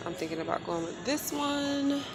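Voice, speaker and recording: A woman chatting casually and excitedly to her phone camera as she browses a large home decor store. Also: medium pitch, moderate pace, creaky. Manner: chatty, excitable, thinks aloud. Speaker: vlogger. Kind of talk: casual shopping vlog. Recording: store background music. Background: store music playing.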